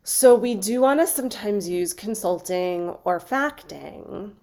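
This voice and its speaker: A woman leads a group coaching call, talking earnestly through her points and checking in often. Her voice has a gravelly, creaky edge over a middling pitch. It sounds like a video call. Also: lively intonation, a little slow, dark tone. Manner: earnest, reflective, with frequent "right?" check-ins. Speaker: coaching instructor.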